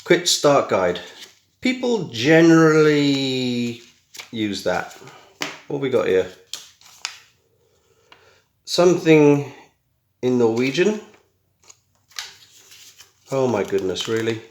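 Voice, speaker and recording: This middle-aged British tech vlogger speaks slowly with big pitch swings and frequent pauses, his voice mid-range. He chats casually through an unboxing at home, full of self-mocking asides, and his camera mic picks up the echo of the small room.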